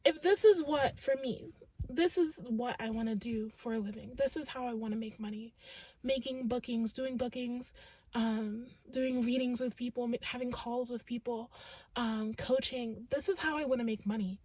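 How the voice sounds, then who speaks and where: Young woman doing a tarot reading, high breathy voice, earnest and emphatic, says like a lot. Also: normal speed, mellow. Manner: earnest and emphatic, heavy use of "like" and "literally". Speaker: tarot reader. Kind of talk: casual channeled tarot reading.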